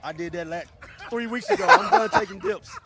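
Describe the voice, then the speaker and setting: A man's voice: very high voice, huge pitch swings, brisk, gravelly, very noisy. A joking man commentator chatting after a game, outdoors. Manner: jokey, laughing. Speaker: broadcast commentator. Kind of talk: casual postgame chat.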